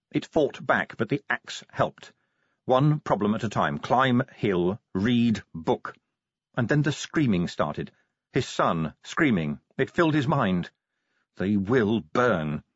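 A man narrating a comic fantasy audiobook with expressive, dramatic storytelling. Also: mid-range voice, breathy edge, dry recording. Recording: dull, dry, lo-fi audiobook recording.

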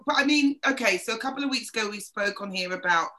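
Woman on a podcast panel, bright clear voice, tells stories with lots of energy. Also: a little high, fast. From South London. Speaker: podcast co-host. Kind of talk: casual panel chat.

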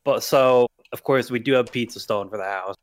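A man's voice: medium pitch, normal speed, no room sound. A young man with a slight Long Island accent, co-hosting a casual podcast debate, blunt and opinionated and swearing freely. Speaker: podcast co-host.

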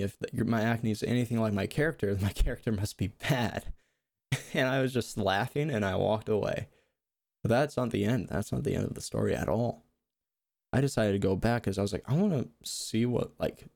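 A man's voice: on the low side, fairly quick, creaky, darkish tone, no echo, studio quality. A young man telling rambling, self-mocking comic stories in casual talk, laughing at his own jokes. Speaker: storyteller. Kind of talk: casual comedic storytelling.

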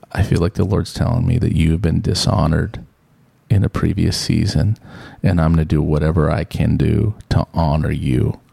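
A middle-aged man co-hosting a podcast, telling a personal story in a rambling, self-deprecating way and getting animated when quoting others. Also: sits low, creaky, slightly rough. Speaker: podcast co-host. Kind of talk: casual storytelling chat.

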